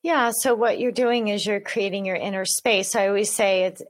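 A woman's voice: medium pitch, fairly even intonation, moderate pace. A woman guest in a conversational interview, explaining her method in an earnest way and often repeating words as she talks. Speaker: author and guest.

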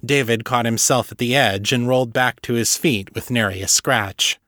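A man's voice: mid-range voice, normal speed, pushed and bright, no echo. Man narrating an audiobook, dry. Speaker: author and podcast narrator.

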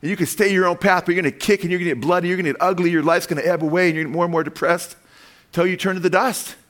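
High-voiced man preaching emphatically. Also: steady tone, racing. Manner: emphatic preaching, calls out "amen?" to the congregation; swings between loud stressed lines and quiet dropped asides. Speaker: pastor. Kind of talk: sermon.

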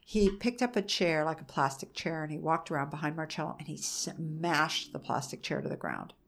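Middle-aged woman guest, low gravelly voice, candid storyteller. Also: moderate pace. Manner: frank, personal recounting with restarts. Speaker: interview guest, mother of an autistic son.

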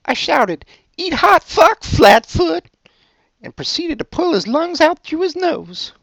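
A man putting on a high, strained impression voice to read out a letter as a shrill, unhinged man. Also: very animated, slow pace, gravelly, fairly bright tone, no echo, heavily acted. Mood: manic. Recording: dull lo-fi sound.

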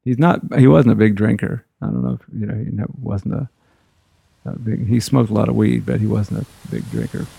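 A man's voice: fairly low pitch, fairly even intonation, a little fast, creaky, mellow, slightly rough, no echo, studio quality. A man, a guitarist, telling rambling stories from the road in a loose, conversational way. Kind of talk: anecdotal storytelling.

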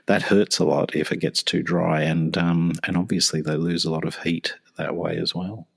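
Man, vet podcast co-host, very low voice, husky, stumbles and laughs at himself. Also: little pitch movement, normal speed. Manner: self-deprecating, stumbling when flustered. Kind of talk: casual podcast chat.

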